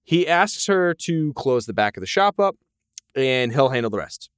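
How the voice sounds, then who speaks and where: A man's voice: mid-range voice, very animated, normal speed, smooth, no room sound, studio quality. A man co-hosting a podcast, recapping an episode in casual chat, swearing now and then and acting out characters' lines. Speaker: podcast co-host.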